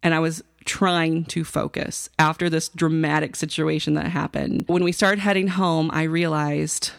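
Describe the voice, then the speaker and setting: A woman's voice: low-pitched, little pitch movement, moderate pace, creaky, few pauses, dry recording, clean studio sound. A woman hosting a talk show, telling a personal story in a chatty, casual way with asides to the listener.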